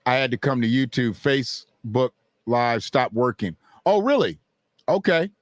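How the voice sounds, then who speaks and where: A man's voice: mid-range voice, big pitch swings, unhurried, no echo. A man giving casual, blunt boxing commentary, swearing freely and answering his chat. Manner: blunt, profane, talks back to chat and clips.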